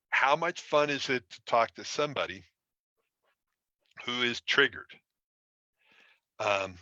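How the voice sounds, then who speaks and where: A man's voice: medium pitch, sharp tone, no echo, highs cut off. A man teaching an online relationship course, explaining in a conversational way with self-deprecating stories. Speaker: relationship coach. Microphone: streaming from a computer.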